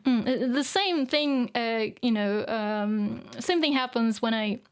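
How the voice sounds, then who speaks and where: A woman's voice: a little high, slow, smooth. A woman whose first language is Japanese, chatting casually on a live stream, reading out viewer comments, laughing often and using many fillers.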